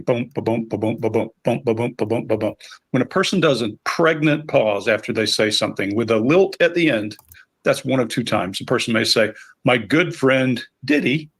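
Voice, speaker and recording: A man's voice: mid-range voice, fairly bright tone, breathy edge. A man on a panel analyzing an interview in a punchy, vivid way, tapping out speech rhythms aloud. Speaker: body language analyst panelist. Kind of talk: analytical commentary.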